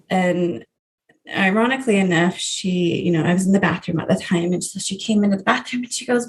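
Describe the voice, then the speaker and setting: A woman in her thirties, a grief coach, telling her story in a podcast interview, earnest and warm, with soft laughs between sentences. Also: medium pitch, brisk. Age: 30s.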